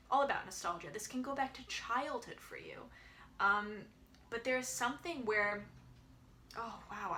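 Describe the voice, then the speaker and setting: Bright-voiced woman giving a gentle tarot reading. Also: mid-range voice, a little hiss or hum. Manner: musing, gentle, searching for words with many ums. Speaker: tarot reader. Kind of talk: pick-a-pile tarot reading.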